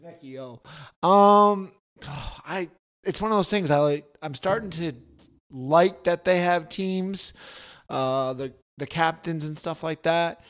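A man's voice: on the high side, slow pace, a bit bright, smooth. A man co-hosting a casual sports podcast, dry and blunt in his remarks. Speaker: podcast co-host.

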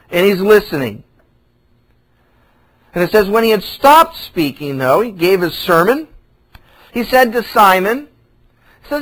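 A pastor teaching a sermon through a Bible passage, retelling the scripture in everyday, conversational speech. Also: male voice, sits high, animated, unhurried, pauses often, a bit bright, poor audio.

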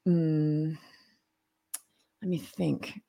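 A middle-aged woman, a podcast guest, telling personal stories in a lively way, acting out what people said and often restarting her sentences. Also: deep voice, extremely slow, creaky. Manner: animated storyteller acting out quoted voices, many restarts. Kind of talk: casual storytelling in a podcast interview.

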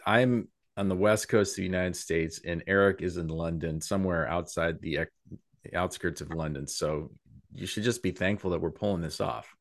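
A man co-hosting a podcast from home over an online call, playful and quick to laugh. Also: sits low. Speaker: podcast co-host. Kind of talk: casual chat.

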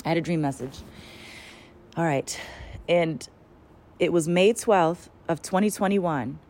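A woman's voice: fairly low pitch, measured pace. A woman talking casually as a spiritual channeler, rambling and swearing as she tells a story with lots of energy. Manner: profane, rambling, animated storytelling.

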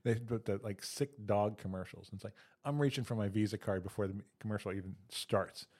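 A man's voice: on the low side, steady tone, brisk, darkish tone. A man co-hosting a comedy podcast, chatting casually and telling dad jokes and long joke stories. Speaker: podcast co-host.

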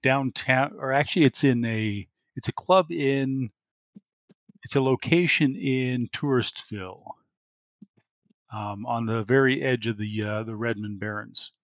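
A man's voice: medium pitch, measured pace, no echo. Laid-back man running a tabletop game. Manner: laid-back, lots of ums and uhs. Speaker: game master.

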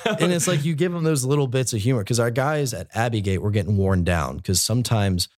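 A man's voice: on the low side, brisk, a little mellow, dry recording, studio quality. A man, a Catholic military chaplain, telling his story in a loose, rambling way with many fillers and restarts. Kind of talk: conversational storytelling.

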